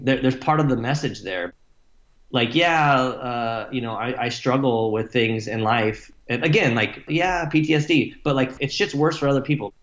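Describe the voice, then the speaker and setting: Guy rambling and cussing in an interview, lots of "like" and "you know", roomy dull-sounding room. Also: mid-range voice. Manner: rambling, profane, many fillers like "like" and "you know". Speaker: musician guest. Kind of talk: casual interview talk.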